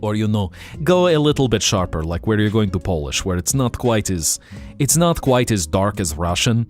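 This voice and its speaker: A man's voice: fairly low pitch, animated, moderate pace, faint music behind. A man hosting a live stream, chatting casually in a rambling, explaining way.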